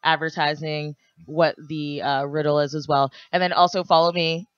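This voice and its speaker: A woman comedian chatting as a guest on a live radio show, quick to laugh and talkative. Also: low voice, level tone, clean tone, no room sound, lo-fi sound. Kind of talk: casual radio interview chat. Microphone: studio microphone.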